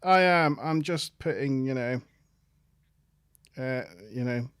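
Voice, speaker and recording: A man's voice: medium pitch, takes it slowly, a bit bright, clean tone, no room sound, studio quality. A man co-hosting a live stream, chatting casually and self-deprecatingly, laughing often. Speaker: podcast co-host.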